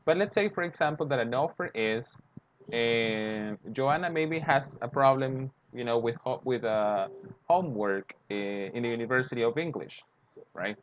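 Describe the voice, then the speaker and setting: A man's voice: medium pitch, animated, normal speed. A man teaching English grammar, explaining step by step and acting out short example dialogues. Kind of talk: grammar lesson. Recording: dull lo-fi sound, faint noise.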